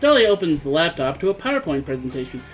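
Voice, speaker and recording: A man's voice: on the high side, very animated, fast talker, faint music behind, poor audio. A man reading visual novel narration aloud during a casual let's play stream. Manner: casual reading with slips and chuckles. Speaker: game player reading narration.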